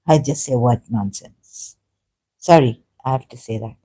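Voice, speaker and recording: A woman vlogger speaking in an earnest, halting personal monologue, pleading with her viewers. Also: rumbling low, dark tone, husky.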